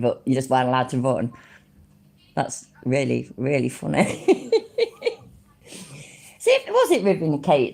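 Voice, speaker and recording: Brief: a woman in her late forties, low-pitched but lively, blunt and sweary in casual reaction chat. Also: husky. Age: 40s. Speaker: streamer reacting to clips.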